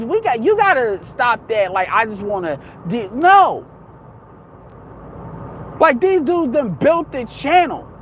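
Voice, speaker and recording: Heated, profane high-voiced man ranting. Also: a bit bright, slight background noise, poor audio. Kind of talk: casual ranting monologue.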